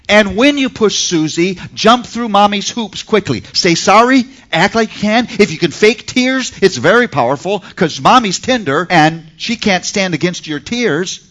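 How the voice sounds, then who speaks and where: Animated man teaching a class. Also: high-pitched, highs cut off. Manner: animated and emphatic, with pointed rhetorical questions. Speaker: teacher on Christian parenting. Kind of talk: seminar lecture to a class.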